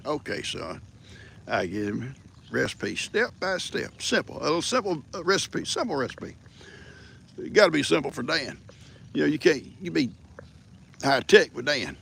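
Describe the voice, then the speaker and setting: Gravelly older man. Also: on the high side, big pitch swings, normal speed, a bit bright. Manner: folksy, teasing, chatty. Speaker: livestream host. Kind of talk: casual rambling storytelling.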